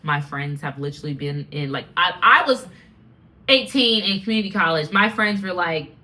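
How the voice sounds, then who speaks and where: An American woman in her twenties hosting a casual solo podcast chat, animated and rambling, with frequent laughs. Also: fairly low pitch, moderate pace. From United States. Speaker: podcast host.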